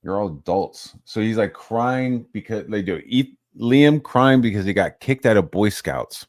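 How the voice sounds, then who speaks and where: A channel host whose voice sits lowish talks a little slowly, with no echo, as he casually rants about online drama. Profane and animated, he swears often and imitates others in put-on voices to ridicule them.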